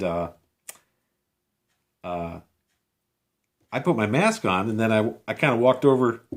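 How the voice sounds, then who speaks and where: A man vlogging outdoors, telling a personal story casually, rambling with many fillers and restarts, sounding incredulous. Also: medium pitch.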